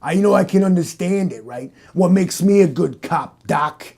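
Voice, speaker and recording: A man voicing a brash, loud tough-guy cop who talks in a cocky, bullying way and keeps calling the other man "Doc". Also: high voice, lively intonation, normal speed, vocal fry, full character voice. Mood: mocking.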